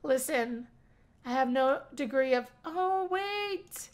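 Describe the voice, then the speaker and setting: A young woman hosting a life-sim game channel, giving excitable casual commentary with frequent squeals and laughter. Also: sits high, slow. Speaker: gaming channel host. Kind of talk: casual let's-play commentary.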